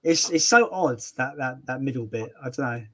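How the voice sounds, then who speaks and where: A man's voice: mid-range voice, expressive, moderate pace, pushed and bright. A man hosting a live movie chat, rambling casually with many restarts.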